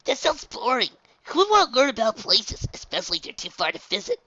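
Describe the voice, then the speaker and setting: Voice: medium pitch, big pitch swings, fast talker, sharp tone, slight background noise, voice pushed up. A narrator voicing a bold, impatient tomboy pony filly in a raised voice, on a dull lo-fi recording. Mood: pushy.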